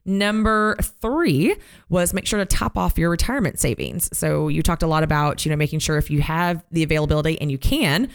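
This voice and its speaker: A woman co-hosting a casual financial talk show, recapping points in a brisk, conversational way. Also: low voice, clean tone. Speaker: co-host.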